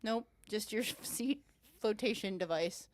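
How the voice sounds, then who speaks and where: A woman co-hosting a casual podcast chat, telling a rambling, animated story with frequent swearing and laughs. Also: medium pitch, a little slow. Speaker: podcast co-host.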